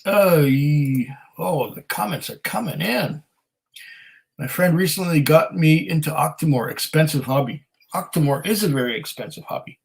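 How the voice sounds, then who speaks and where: A man's voice: fairly high pitch, animated, normal speed, gravelly, poor audio. A man hosting a whisky channel, casually reading viewer comments aloud on a livestream in a rambling, self-deprecating way. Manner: rambling and self-deprecating, with many fillers and laughs.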